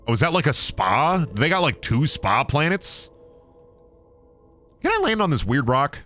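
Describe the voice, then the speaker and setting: A man's voice: on the high side, big pitch swings, a little slow, bright, forceful tone, faint music behind. A man giving casual, joking, profane commentary to himself while streaming a game.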